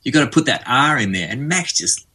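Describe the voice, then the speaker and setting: A man's voice: medium pitch, expressive, fairly quick, bright, forceful tone, a little hiss or hum. A man in his forties with an Australian accent, chatting as an interview guest and telling stories with many fillers. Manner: chatty, storytelling, frequent fillers. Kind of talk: relaxed conversational interview.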